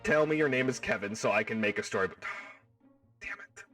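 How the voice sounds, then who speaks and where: A man hosting a livestream, chatting casually with his viewers in an excitable, rambling way and riffing on the same joke over and over, his voice stuffed up and hoarse. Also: mid-range voice, fast talker, far from the mic, soft background music. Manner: excitable, rambling, riffs and repeats himself. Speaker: livestream host. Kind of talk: casual chat with live viewers.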